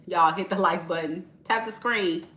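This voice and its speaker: A woman's voice: fairly low pitch, a little slow, reverberant, background noise. A tired woman tarot reader, chatting casually and laughing in sassy slang during a live reading.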